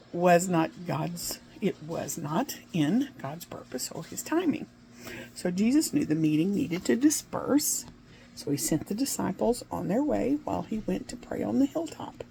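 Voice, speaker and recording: A woman's voice: mid-range voice, vocal fry, mellow, a little hiss or hum. A woman giving an earnest, conversational Bible lesson, asking her listeners questions and laughing between points. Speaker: Bible teacher.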